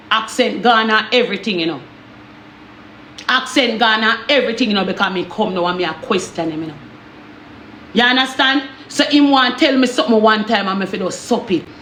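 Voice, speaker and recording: Jamaican woman, casual storytime, high voice, echoey room, faint hiss. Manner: animated, repetitive, asks "you understand me?". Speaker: storyteller vlogger.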